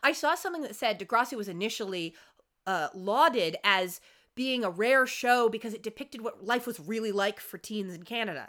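A woman's voice: a little high, normal speed. A woman co-hosting a podcast, recapping a TV show in casual chat with lots of asides. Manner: chatty, animated, with frequent asides. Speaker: podcast co-host.

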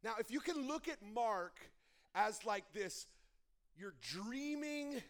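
High-voiced man preaching with restarts. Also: slow pace. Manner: animated storytelling, many restarts. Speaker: pastor. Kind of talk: sermon.

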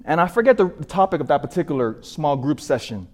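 Expressive priest preaching with lively pitch. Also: male voice, fast. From California. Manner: earnest storytelling with emphatic rises. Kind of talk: sermon.

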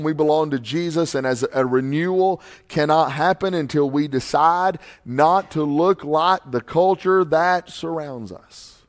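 High-pitched guy pastor preaching hard, gets loud then drops to almost a murmur. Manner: impassioned preaching, swings from loud emphatic to hushed. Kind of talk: sermon.

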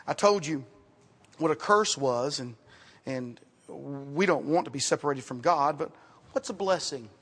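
A man preaching a sermon as pastor, in a conversational style, repeating words and dropping to quiet asides. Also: on the high side, lively intonation, unhurried, slightly rough. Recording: reverberant hall, sometimes off mic.

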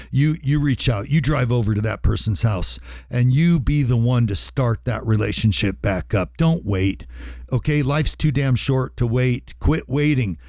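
A man's voice: medium pitch, mellow, no echo, studio quality. Earnest, emphatic male radio host. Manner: earnest, emphatic, repeats for stress. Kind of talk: heartfelt motivational radio talk.

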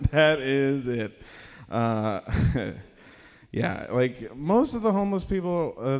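Brief: male stand-up comic with an awkward, stammering delivery, mid-pitched voice, live in a reverberant room. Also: darkish tone. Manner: awkward, halting delivery with many fillers; shrieking impressions of strangers. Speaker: stand-up comedian. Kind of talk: stand-up set. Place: small performance space with a live audience.

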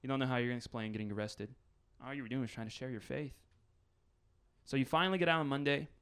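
A man's voice: mid-range voice, quick pace, a bit bright, clean tone. Pastor guy preaching, chatty, gets more intense as he goes. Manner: conversational, builds scenarios with rising intensity. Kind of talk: sermon.

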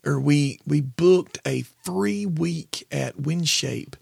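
A man co-hosting a podcast in casual chat, telling family stories and jumping high in pitch when he quotes himself. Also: slow pace, gravelly, breathy edge, dry recording, clean studio sound. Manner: animated storyteller, jumps high when quoting himself. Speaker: podcast co-host, pastor.

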